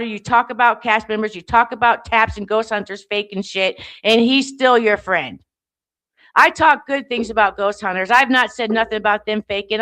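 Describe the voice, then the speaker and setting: Furious woman on a livestream, bright and fairly high, confrontational rant. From United States. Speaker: livestream guest.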